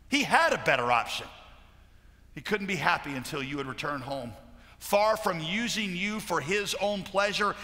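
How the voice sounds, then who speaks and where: A man preaching a sermon as a pastor, passionate, moving from loud declarations to hushed storytelling. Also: sits high. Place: large conference hall. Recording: live hall recording with long reverb and faint music.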